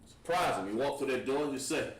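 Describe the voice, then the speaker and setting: A man teaches an online language class at a whiteboard, talking fast at a medium pitch. He's relaxed and walks through each step as he writes on the board. The room echoes and the mic sits at a distance.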